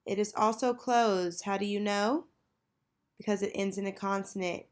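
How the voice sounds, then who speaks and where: A woman teacher leading a children's phonics lesson, patiently prompting and pausing for answers. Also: medium pitch, fairly even intonation. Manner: slow, patient, call-and-response prompting.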